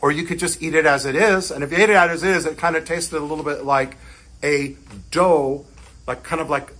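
Male rabbi, animated joking teacher, husky and bright. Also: fairly high pitch, a little fast. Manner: animated and joking, with Yiddish words. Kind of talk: Torah lesson.

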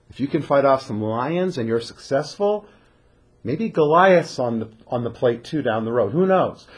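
A man's voice: medium pitch, slightly rough. A man teaching a verse-by-verse scripture class, reading verses and acting out the characters' lines. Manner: animated, acts out the characters' lines. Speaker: Torah teacher.

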